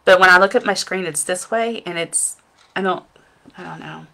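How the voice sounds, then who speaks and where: A woman's voice: lowish voice, moderate pace, creaky, sharp tone. A middle-aged woman chatting at home in front of her webcam, telling a rambling, self-deprecating story and laughing at herself. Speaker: makeup seller and vlogger. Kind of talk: casual storytelling vlog.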